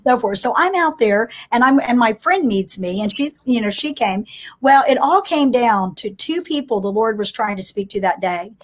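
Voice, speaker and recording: A woman's voice: on the high side, animated, moderate pace. A woman telling a personal faith story in casual conversation, acting out the dialogue with frequent restarts. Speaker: guest sharing testimony.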